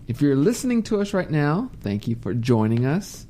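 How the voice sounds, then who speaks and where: A man hosting a live talk radio show in a studio, relaxed and teasing, laughing easily. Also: a little high, moderate pace. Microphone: studio mic.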